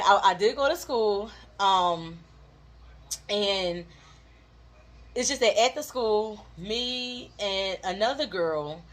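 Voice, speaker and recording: A woman, telling a childhood story in casual chat with her husband, animated and laughing often. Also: mid-range voice. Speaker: co-host of a couples channel.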